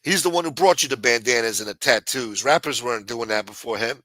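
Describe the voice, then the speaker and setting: A man's voice: mid-range voice, fairly quick, bright, forceful tone, no echo, rough recording. A man hosting a late-night talk show, ranting bluntly with lots of profanity. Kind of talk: casual talk-show rant.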